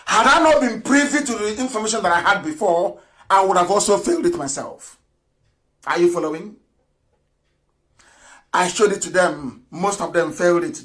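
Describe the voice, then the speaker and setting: A man hosting an impassioned political broadcast, swinging between loud declarations and low asides and laughing often. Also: low-quality recording. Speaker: broadcast host.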